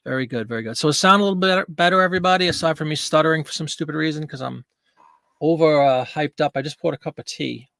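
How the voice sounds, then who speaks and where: A chatty, jokey man hosts a casual live stream, greeting his viewers one by one. His voice sits a little high and has a gravelly edge. The desk-mic sound is dry and close. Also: fast talker, pushed and bright, no room sound. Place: home studio with green screen. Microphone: desk microphone.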